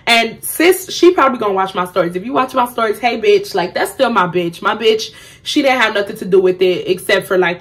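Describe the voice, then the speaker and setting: A young woman vlogger telling a storytime, blunt and profane, animated as she acts out what others said. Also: mid-range voice. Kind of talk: storytime vlog.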